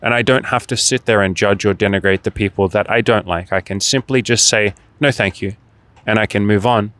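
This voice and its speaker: A man with a somewhat low voice gives a motivational talk straight to camera as a dating coach. He is blunt and emphatic, swears freely and piles up rhetorical questions, and the sound is dry and close. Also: steady tone, a little fast, a bit bright, no echo. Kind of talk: direct-to-camera motivational monologue.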